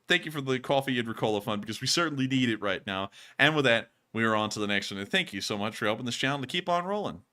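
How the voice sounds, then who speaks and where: A man hosting a livestream Q&A, casual and quick to laugh, repeating the same sign-off phrases. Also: mid-range voice, bright, forceful tone. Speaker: host.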